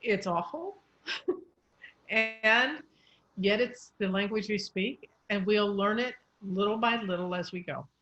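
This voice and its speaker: A woman's voice: mid-range voice, takes it slowly, fairly bright tone, muffled recording. A woman speech coach explaining English pronunciation in an encouraging, patient way. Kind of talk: coaching session.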